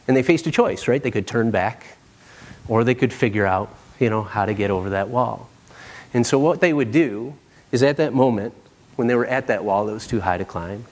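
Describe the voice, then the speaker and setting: Male keynote speaker, 30s, animated storyteller who acts out quotes, mid-pitched voice, conference stage.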